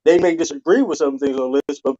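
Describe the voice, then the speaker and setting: A man with a deep voice in a heated panel debate, talking loud and repeating himself defensively. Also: quick pace, over a noisy crowd. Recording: dry, dull lo-fi sound.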